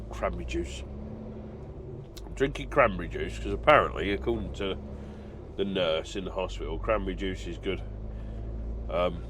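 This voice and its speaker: A man's voice: low-pitched, a little hiss or hum. A middle-aged man, chatting casually in a trucker vlog, rambling with lots of ums and uhs. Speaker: truck driver vlogger.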